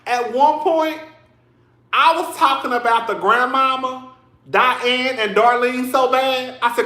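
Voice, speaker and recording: A man's voice: extremely high pitch, steady tone, slow, sharp tone, roomy sound. A man casually commenting on a reality show, sassy and dramatic, laughing often and calling his listeners girl.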